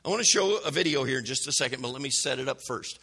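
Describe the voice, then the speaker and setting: A man's voice: mid-range voice, lively intonation, fast, bright, forceful tone, slightly rough. A man preaching a conversational sermon, full of rhetorical questions and self-corrections. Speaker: pastor.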